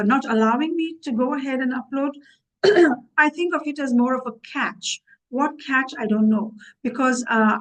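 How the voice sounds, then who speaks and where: A woman in her sixties talking to camera for her vlog, earnest and thinking aloud with frequent pauses and fillers. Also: a little high, poor audio. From USA. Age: 60s. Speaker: YouTube vlogger. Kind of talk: casual vlog talk to camera.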